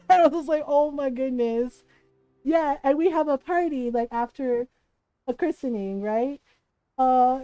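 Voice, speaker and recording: A woman's voice: sits high, mellow, no echo, dull audio. A woman streamer telling a family story in casual chat, swearing freely and tagging lines with "right?".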